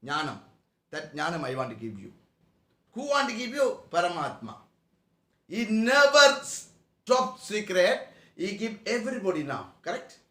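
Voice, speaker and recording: High-voiced man preaching. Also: very animated, unhurried, pauses often, bright, forceful tone, reverberant. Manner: broken English, rhetorical questions to the audience. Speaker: spiritual teacher. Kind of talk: spiritual discourse to a class. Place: meeting room.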